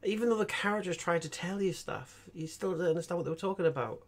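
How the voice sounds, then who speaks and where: A young man with a high voice talks fast while streaming, chatting casually about games. He rambles, stammers through restarts, and breaks into animated bursts of laughter.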